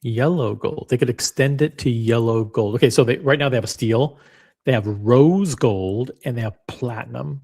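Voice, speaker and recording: A man hosting a reaction video, talking in an animated, rambling and blunt way with casual swearing. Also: mid-range voice, moderate pace, gravelly, slightly rough. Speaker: watch channel host reacting to clips.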